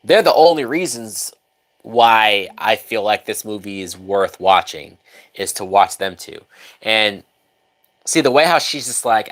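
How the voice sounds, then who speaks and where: A man's voice: lowish voice, takes it slowly, long pauses, fairly bright tone. A man casually commenting on a film during a live stream, loose and profane, now and then reading out viewer comments. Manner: loose, profane, chatty, reads out chat. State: drunk.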